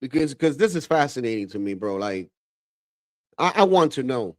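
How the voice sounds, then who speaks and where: A man's voice: mid-range voice, normal speed, dry recording. Slangy man hosting a dry-sounding livestream. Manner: slangy, peppers speech with "bro" and "man"; animated, drops into mock voices of relatives. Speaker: livestream host. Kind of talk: casual reaction commentary.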